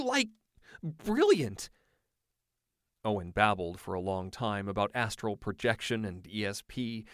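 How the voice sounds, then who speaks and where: A man narrating an audiobook in a measured, unhurried way. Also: fairly low pitch, fairly bright tone, no room sound, studio quality.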